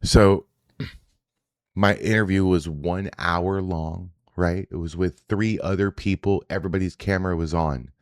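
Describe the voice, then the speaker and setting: A man's voice: sits low, steady tone, a little slow, dry recording, clean studio sound. A man hosting a daily reaction livestream, ranting in a profane, combative, casual way. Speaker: host. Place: indoors, home setup.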